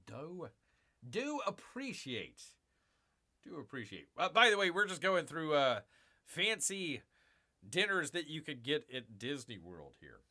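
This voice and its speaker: A man hosting a casual live stream, talking to his viewers in a loose, rambling way. His voice is bright and forward, and it jumps up and down in pitch a lot. It sits a little higher than most men's. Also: very animated, measured pace. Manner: chatty, rambling, talks to viewers as "people", calls himself Bear. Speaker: livestream host.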